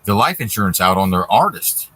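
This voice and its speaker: A man's voice: lowish voice, sing-song, fairly quick, a bit bright, a little hiss or hum. A man co-hosting a talk show, mostly agreeing and adding short remarks. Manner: agreeing, chiming in briefly. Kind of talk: casual talk show chat.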